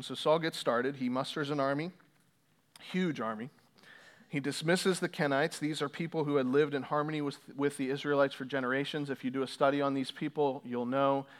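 A man preaching a sermon, repeating key lines and growing more intense as he makes his points. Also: medium pitch. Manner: builds from measured to intense, repeats key phrases for emphasis. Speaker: pastor.

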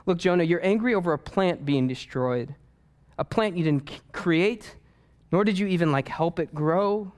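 A pastor preaches a sermon, retelling the story with animated humor and playful asides. His slightly high voice is smooth and clear at normal speed, with a church-like sound.

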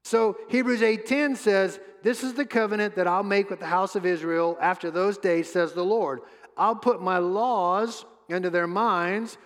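A man preaching a sermon as pastor, emphatic, repeating his words and pausing often. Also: high-pitched, steady tone. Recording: long hall reverb.

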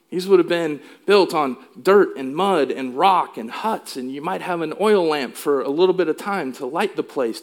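A male pastor delivering a sermon in an emphatic way, asking the congregation questions. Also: fairly high pitch. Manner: emphatic, asks the room questions.

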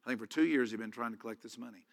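A man's voice: medium pitch, racing, creaky, in a large hall. A man preaching, retelling a personal story in a folksy, rambling way full of restarts. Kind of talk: storytelling sermon.

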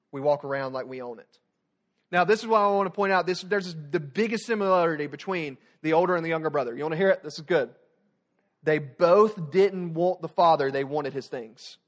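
A young man preaching a sermon as student pastor, animated, swinging from loud emphatic points to quiet soft passages. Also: a little high, moderate pace.

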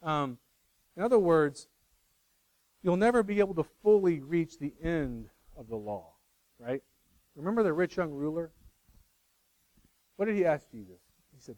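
A man's voice: a little high, animated, normal speed, a little mellow, dry recording, poor audio. A middle-aged man preaching a sermon in a conversational way, correcting himself and teasing the congregation.

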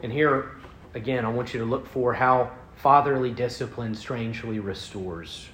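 A man's voice: medium pitch, normal speed, a little hiss or hum. Earnest preaching man in an echoey room. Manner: earnest preaching with rising emphasis and soft drops. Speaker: pastor. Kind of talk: sermon.

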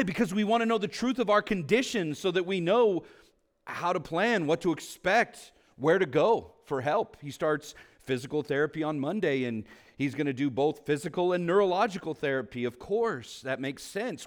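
A man preaching a sermon as a pastor, earnest, asking the congregation questions and moving between emphatic peaks and quiet low asides. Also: expressive, moderate pace. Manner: asks the congregation rhetorical questions.

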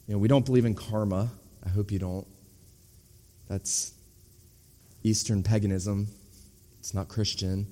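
A man's voice: fairly low pitch, steady tone, unhurried, pauses often, dark tone. Earnest male preacher in a reverberant hall. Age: middle-aged or older. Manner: earnest expository preaching, rises to emphatic urgency. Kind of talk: sermon.

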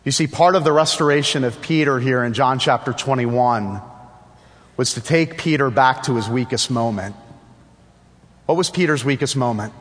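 A man's voice: mid-range voice, normal speed, long reverb tail. A man preaching a sermon with emphatic repetition and rhetorical questions.

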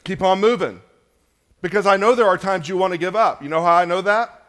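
A pastor preaching a sermon in church, rising to loud emphatic peaks and dropping to hushed, low lines. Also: male voice, fast.

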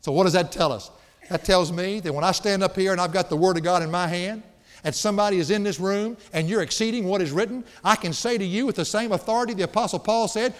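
A man preaches a sermon with a high, ringing voice. He is emphatic and folksy, slipping in playful asides, and his words trail off into a long hall reverb. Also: fast talker. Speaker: pastor.

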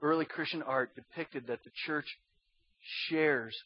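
A pastor preaches in a high, slightly husky voice, pressing his points hard and then dropping to a hush. He slips into casual asides between scripture readings. The recording is dull and lo-fi. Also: unhurried. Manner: emphatic, swings from loud insistence to hushed intensity; conversational with slang asides. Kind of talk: sermon.

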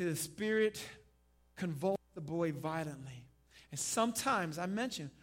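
A male pastor preaching a sermon, dropping to a hush and then rising loud, and leading the congregation in call and response. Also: high voice. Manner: dynamic preaching, swinging from hushed to loud.

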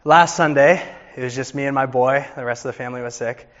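A man's voice: mid-range voice, quick pace, fairly bright tone, dull audio. A man in his thirties, a pastor preaching a sermon with earnest storytelling.

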